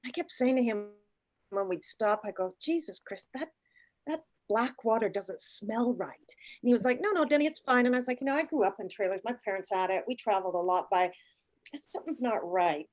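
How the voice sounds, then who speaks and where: A woman in her late fifties casually telling a travel story, animated, acting out the voices of the people in it. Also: mid-range voice, normal speed. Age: 50s. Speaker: guest.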